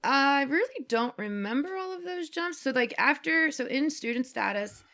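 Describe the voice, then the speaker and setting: A woman's voice: sits high, animated, normal speed, gravelly, bright, forceful tone. A young woman co-hosting a podcast, telling a rambling story full of fillers and laughing often. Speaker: podcast co-host. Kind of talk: casual chat.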